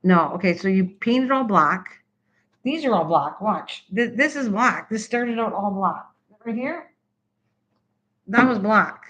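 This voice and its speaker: A woman's voice: mid-range voice, expressive, unhurried, fairly bright tone. An older woman from Canada hosting a casual craft live stream, rambling chattily and answering viewers' typed comments.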